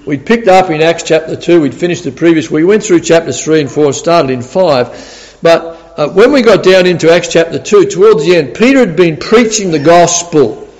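A man's voice: a little high, a little fast, darkish tone, long reverb tail, poor audio. A man preaching a sermon in a chatty, storytelling way, laughing often and repeating words as he goes.

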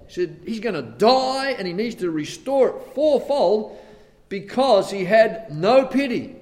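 Man preaching, slightly high voice, loud bursts then hushed lines, long echoing hall. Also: animated, measured pace. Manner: dramatic swings from loud outbursts to hushed tones; conversational asides between scripture quotes. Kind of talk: sermon. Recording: long reverb of a large hall.

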